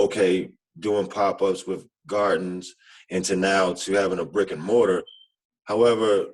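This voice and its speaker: Low-voiced man. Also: poor audio. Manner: halting, reflective, many fillers; self-described monotone. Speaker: community business owner presenting. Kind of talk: online panel presentation.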